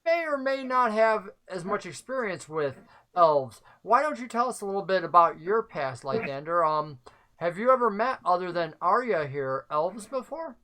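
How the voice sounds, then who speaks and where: A game master narrating a tabletop game in a relaxed way, with frequent filler words. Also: medium pitch, moderate pace.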